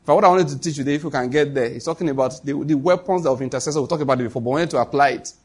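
A man's voice: on the high side, rapid-fire, husky. A man preaching a sermon, telling a story and acting out the dialogue between God and the prophets.

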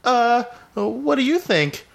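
A man voicing a giddy teenage girl hedgehog, reading it aloud with high comic squeals. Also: big pitch swings, takes it slowly, creaky, heavily acted. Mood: coy.

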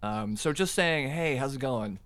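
A middle-aged man co-hosting a podcast, wry and self-deprecating, talking haltingly with many fillers. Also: mid-range voice, animated, a bit bright, no room sound. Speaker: podcast co-host. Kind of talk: casual chat. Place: Chicago.

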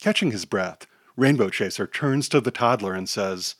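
A man narrating a children's superhero story with an animated, theatrical delivery, and hosting the podcast. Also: fairly low pitch, normal speed, dry recording, clean studio sound.

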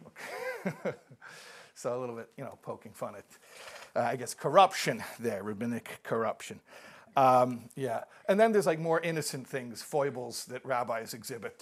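Man, casual talk, telling jokes, lots of ums and restarts, medium pitch. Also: sing-song, moderate pace. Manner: storytelling, frequent fillers and restarts, laughs at own punchlines. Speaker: speaker on Jewish humor.

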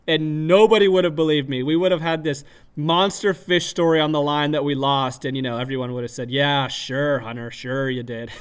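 A man hosting a podcast, telling a story in a casual, animated way, laughing often and acting out his own shouts. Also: sits high. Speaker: podcast host.

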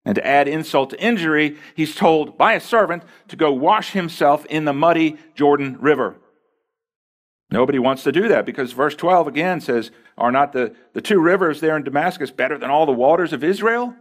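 A man preaching a sermon, retelling a Bible story with lively emphasis and acted-out lines, moving from loud declarations to soft asides. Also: fairly high pitch, moderate pace. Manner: animated storytelling, acts out biblical characters' lines. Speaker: pastor.

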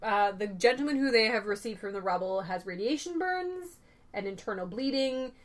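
A woman's voice: medium pitch, animated, normal speed. A woman co-hosting a podcast, recapping an episode in casual, jokey chat and laughing often. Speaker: podcast co-host.

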